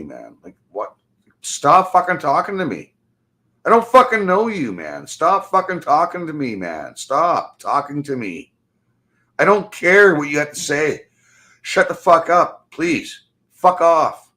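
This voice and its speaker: A man's voice: on the high side, very animated, measured pace, bright, forceful tone. A middle-aged man, ranting bluntly and angrily. He swears constantly and ends his phrases with "man". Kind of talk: profane ranting monologue.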